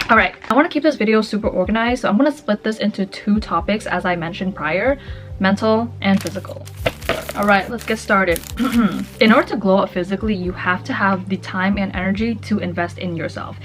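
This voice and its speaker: A woman's voice: mid-range voice, brisk. A young woman vlogger talking casually and passionately to the camera, full of "like" fillers. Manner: chatty, passionate, lots of "like" fillers. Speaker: lifestyle vlogger. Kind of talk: casual advice vlog.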